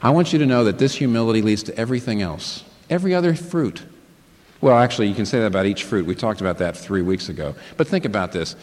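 A pastor preaching a sermon, asking rhetorical questions and building up emphasis. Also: male voice, fairly low pitch, lively intonation, quick pace, a little mellow, long reverb tail.

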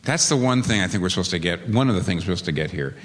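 A man preaching a sermon as pastor, his voice leaping up for emphasis and dropping low to make a point. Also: expressive, racing, in a large hall.

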